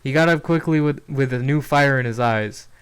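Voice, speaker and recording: A man's voice: medium pitch, moderate pace, clean tone. A man streaming a casual read-aloud of his own novel, often chuckling at his writing and restarting lines.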